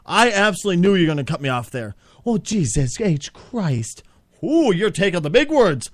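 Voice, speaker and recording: A man hosting a comedy show, bickering and swearing, jumping between squeaky outbursts and low grumbling. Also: big pitch swings, moderate pace, dry recording, studio quality. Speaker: podcast host.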